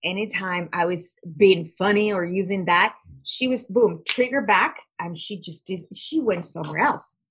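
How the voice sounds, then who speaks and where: Earnest husky woman guest. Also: medium pitch, normal speed, a bit bright. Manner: earnest, repeats words while searching for phrasing. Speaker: guest, trauma recovery practitioner. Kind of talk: conversational interview.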